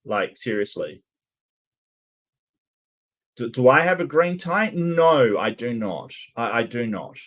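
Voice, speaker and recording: A man's voice: medium pitch, very animated, slow pace, pauses often, a bit bright. A man hosting a reaction video, giving sarcastic, rambling commentary. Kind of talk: casual commentary.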